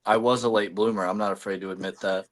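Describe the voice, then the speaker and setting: Man, stream host, low-ish voice, rambling filler-heavy delivery, talking while eating. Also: steady tone, fast talker. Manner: chewing food while talking. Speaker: livestream host. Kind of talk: casual livestream chat.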